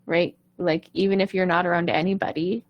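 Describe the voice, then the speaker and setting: A woman's voice: fairly low pitch, little pitch movement, brisk, lo-fi sound. A woman singing coach giving an earnest, conversational talk in a live online session, often checking in with "right?".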